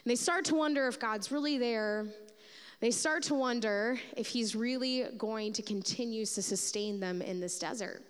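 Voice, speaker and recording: A woman pastor giving a sermon, telling a Bible story in an animated way and acting out its figures. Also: a little high, normal speed, clean tone, long reverb tail.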